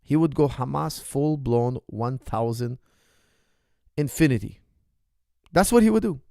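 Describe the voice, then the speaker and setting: A man who coaches martial arts hosts a question session, talking emphatically and repeating his points as he builds to forceful outbursts. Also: medium pitch, big pitch swings, measured pace, gravelly, dry recording, clean studio sound. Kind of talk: impassioned monologue commentary.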